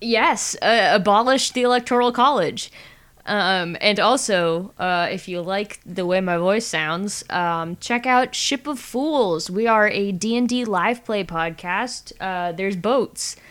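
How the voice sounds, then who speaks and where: A woman's voice: mid-range voice, takes it slowly, fairly bright tone. A woman guesting on a podcast in casual chat, playful and self-deprecating, laughing often.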